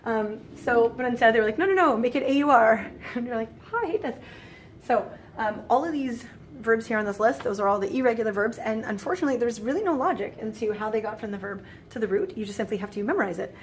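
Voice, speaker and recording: Chatty, slightly high-voiced woman teaching French. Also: quick pace, a little hiss or hum. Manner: chatty, exasperated asides, many fillers. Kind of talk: casual screen-recorded lesson.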